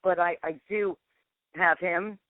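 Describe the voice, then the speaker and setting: A paranormal investigator tells a long story in a phone interview, her voice low-ish, steady, and slow with no room sound. She rambles and acts out dialogue with "I'm like" over a tinny, dry phone line.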